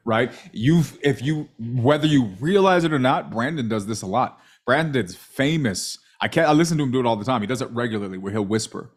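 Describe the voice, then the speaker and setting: Animated, emphatic male sales coach. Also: medium pitch, a little fast, hardly any pauses. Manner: emphatic, animated, asks "right?" constantly. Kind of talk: coaching call review.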